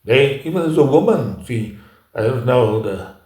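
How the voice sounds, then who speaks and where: A man giving an unscripted lecture, talking haltingly with frequent pauses and restarts. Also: mid-range voice, expressive, a little mellow. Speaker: speaker giving a talk. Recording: echoey room.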